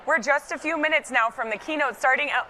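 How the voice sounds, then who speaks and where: A woman's voice: sits high, fast talker, sharp tone, a little hiss or hum, low-quality recording. A woman anchoring a live event broadcast from the studio, playful and bubbly in her banter.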